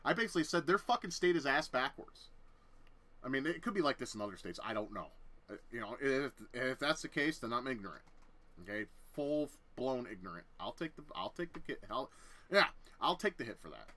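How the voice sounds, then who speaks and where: Sharp-voiced man ranting, swearing freely. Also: medium pitch, lively intonation, a little fast. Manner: heavy swearing, heated and blunt. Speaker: vlogger telling a personal story. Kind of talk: casual storytelling rant.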